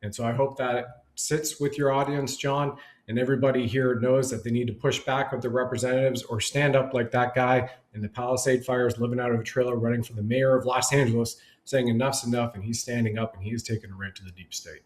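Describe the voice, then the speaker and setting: A man's voice: medium pitch, fairly even intonation, fairly quick, few pauses, echoey room, low-quality recording. A man speaking as a guest on a panel discussion, rambling and emphatic in long run-on sentences over a video call.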